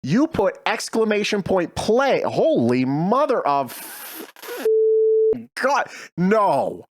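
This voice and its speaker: Lively man hosting a stream. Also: high voice, takes it slowly. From Boston. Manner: rambling, many fillers, laughs often. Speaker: host. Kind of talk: casual live-stream chat.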